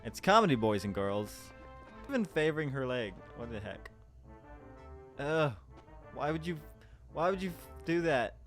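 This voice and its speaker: A man's voice: medium pitch, lively intonation, unhurried, pauses often, soft background music. A young man reacting to a clip, sarcastic and profane, rambling and restarting his sentences. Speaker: reaction video host. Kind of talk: casual commentary over a played clip.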